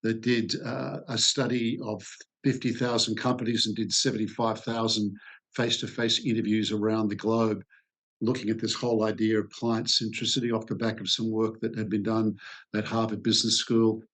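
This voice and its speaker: Older aussie guy, podcast guest, lots of uhs, thinking it through out loud. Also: on the low side, flat delivery, moderate pace. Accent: Australian. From Australia. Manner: thoughtful, hesitant with many "uh" fillers. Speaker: guest, sales expert. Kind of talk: podcast interview answers.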